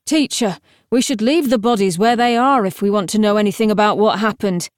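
An earnest young man speaks quickly and plainly, all business, as a woman narrator reads his part. He is practical and insistent rather than dramatic. The recording is close and dry. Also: medium pitch, no echo, close to an everyday voice.

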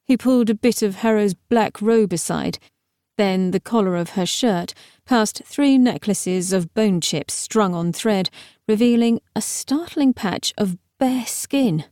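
A woman's voice: mid-range voice, unhurried, mellow, no room sound. Woman narrating an audiobook, dry close sound. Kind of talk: scripted narration.

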